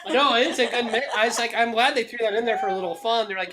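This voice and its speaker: A man's voice: very high voice, fast, hardly any pauses, crowd noise. A young man co-hosting a podcast, joking sarcastically and swearing freely in casual banter. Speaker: podcast co-host.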